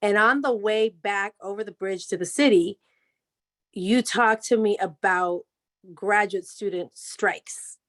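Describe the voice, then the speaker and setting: A woman on a video call sharing a memory in a reflective, halting way, full of fillers and restarts. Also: mid-range voice, a bit bright. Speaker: guest speaker, former actor in the play.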